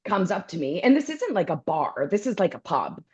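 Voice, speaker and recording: A woman co-hosting a podcast, telling a story with energy and acting out the other people's voices, with some throat-clearing. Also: fairly low pitch, sing-song, normal speed, darkish tone. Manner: acts out voices in her anecdotes, keeps clearing her throat. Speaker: podcast co-host. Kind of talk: animated storytelling chat.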